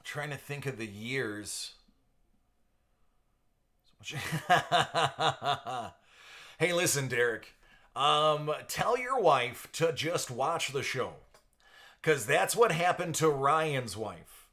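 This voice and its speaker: A man's voice: a little high, expressive, extremely slow, pauses often, bright, forceful tone. A man hosting a casual live stream, chatting with viewers by name and laughing often. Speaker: live stream host for card breaks. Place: at home.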